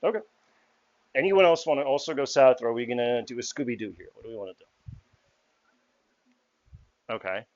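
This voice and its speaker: A man's voice: mid-range voice, sing-song, quick pace, darkish tone, dry recording, highs cut off. Casual male game master. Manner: casual, loose, swears freely. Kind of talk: narrating a tabletop game.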